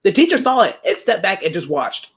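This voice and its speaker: A woman's voice: medium pitch, fairly quick. A young woman telling stories in casual chat, acting out the voices of people she quotes. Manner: animated, acts out quoted voices.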